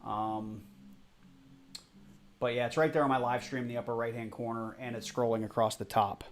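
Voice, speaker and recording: A man's voice: mid-range voice, fairly even intonation, normal speed. A man hosting a casual live stream, chatty and a bit flustered, apologizing as he goes. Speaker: livestream host.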